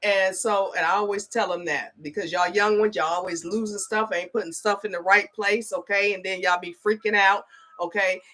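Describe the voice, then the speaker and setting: Middle-aged woman, bright forceful voice, chatty vlog storyteller who keeps saying "okay?". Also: medium pitch, steady tone, normal speed. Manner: chatty, peppered with "okay?" and "you know". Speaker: spiritual advisor.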